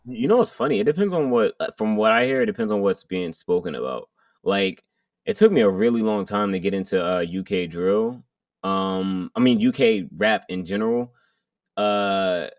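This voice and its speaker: A man hosting a podcast interview, chatting loosely and thinking out loud. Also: deep voice, dry recording, clean studio sound, far from the mic. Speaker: podcast host. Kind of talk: casual interview chat.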